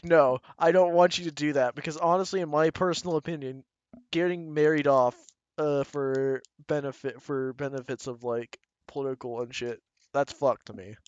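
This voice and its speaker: Picture a man with a slightly high voice chatting loosely on a podcast, swearing and rambling as he goes. He is close to the mic, and the sound is very dry and dull, like a cheap home recording. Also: fairly even intonation, normal speed, clear, resonant tone, no echo. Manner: crude, rambling, laughs often. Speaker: podcast co-host. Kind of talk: casual chat.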